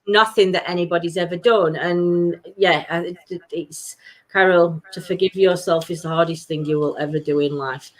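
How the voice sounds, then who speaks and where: A woman's voice: on the low side, steady tone, normal speed. Chatty woman, middle-aged. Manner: chatty, warm-hearted, calls viewers by name. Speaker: co-host of a live chat show. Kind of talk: casual live chat.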